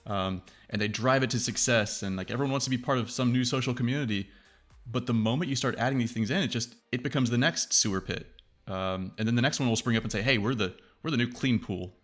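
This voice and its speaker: A man hosting a casual tech chat, rambling and profane, acting out quoted reactions in a lively way. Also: medium pitch. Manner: animated, acts out quoted reactions.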